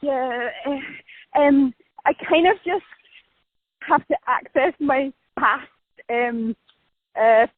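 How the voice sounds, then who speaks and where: A woman's voice: sits high, slow, pauses often, dry recording. A Scottish woman talking in a casual phone interview, chatty and self-deprecating, laughing often while walking outdoors. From Scotland. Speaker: actress being interviewed. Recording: tinny phone line.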